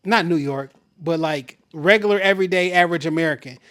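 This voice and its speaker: A man's voice: fairly high pitch, a little fast, a bit bright. A man with a Detroit accent, co-hosting a podcast in loose, slangy, laid-back banter. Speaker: podcast co-host. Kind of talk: casual chat.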